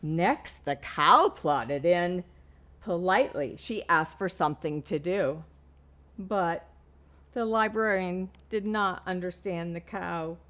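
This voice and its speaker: A woman librarian reading a picture book aloud at storytime, slow and expressive, pointing out words for children. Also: lowish voice.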